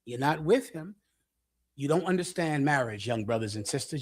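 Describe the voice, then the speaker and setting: A middle-aged man preaching bluntly to young listeners, lecturing and swinging between loud and hushed delivery. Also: medium pitch, lively intonation, moderate pace. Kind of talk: street sermon with audience questions.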